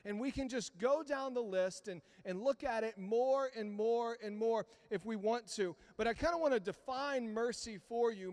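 A man's voice: very high voice, moderate pace, hardly any pauses, a little mellow. A pastor in his thirties preaching a sermon, telling stories in a conversational way and asking the congregation to answer. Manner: conversational storytelling, asks the congregation for responses. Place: church sanctuary. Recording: long reverb of a church hall.

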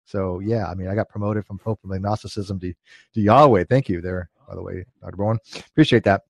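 A man's voice: low-pitched, steady tone, quick pace, creaky, no room sound. A man hosting a live chat stream, joking, laughing often and pushing his voice up when he gets worked up. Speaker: host reading super chats. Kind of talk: casual livestream chat.

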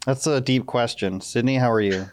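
A man's voice: medium pitch, normal speed, a little mellow. A man hosting a podcast, chatting casually and teasing his guests, often laughing. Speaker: podcast host. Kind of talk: casual interview chat.

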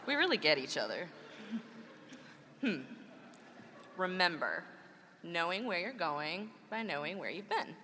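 A woman in her thirties, a mother and co-host, trades wry, playful lines in a scripted conversational read. Her voice is bright and forward, pitched on the lower side. A long hall-like reverb trails each phrase. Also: big pitch swings, unhurried, long pauses.

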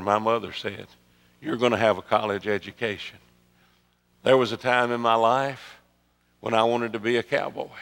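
A man preaching a sermon, telling a story that swings from loud emphatic peaks to soft hushed asides. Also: fairly low pitch, creaky. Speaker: pastor. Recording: long hall reverb.

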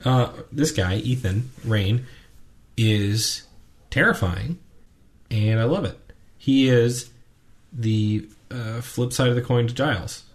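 A man co-hosting a podcast, chatting casually and ranting with animated asides. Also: mid-range voice, slow, pauses often. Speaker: podcast co-host.

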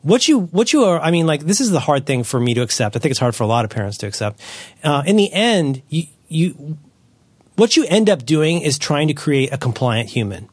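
Rambling, animated male podcast host. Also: on the high side, brisk, husky, dry recording. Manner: rambling, self-correcting, animated storytelling. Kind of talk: casual chat.

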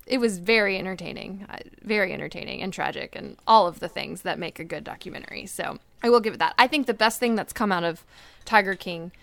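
A woman hosting a casual talk show, chatty and quick to laugh. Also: medium pitch, lively intonation, gravelly, a bit bright, no echo. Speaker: podcast host. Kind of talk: casual chat.

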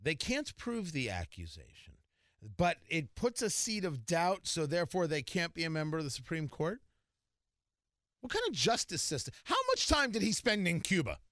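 A man's voice: a little high, huge pitch swings, normal speed, fairly bright tone, no room sound, studio quality. A man hosting a talk radio show, delivering sarcastic, mocking political commentary.

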